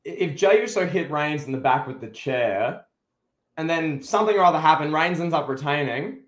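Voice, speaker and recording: A man's voice: on the high side, lively intonation, moderate pace, roomy sound. A man co-hosting a podcast, giving opinionated, emphatic takes in casual chat about a wrestling show. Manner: opinionated, emphatic, many restarts. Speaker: podcast co-host.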